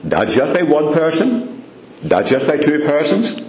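A man preaching a sermon, emphatic and repeating his questions, with gently humorous asides. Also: fairly high pitch, huge pitch swings, a little slow, a little hiss or hum. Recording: echoey church room.

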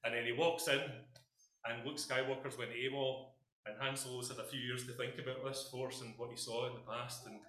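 Scottish pastor man preaching all fired up, bright forceful voice, big echoey church hall. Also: medium pitch, steady tone, fairly quick, a little hiss or hum. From Scotland. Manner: impassioned, emphatic, addresses congregation directly. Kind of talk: sermon.

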